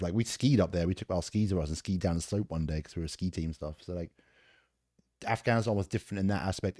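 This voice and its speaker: A British man in his forties, a guest on a podcast, telling stories about his army years in a relaxed way. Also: deep voice, no echo, clean studio sound. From England. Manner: laid-back storytelling, swears and laughs a lot. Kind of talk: casual interview.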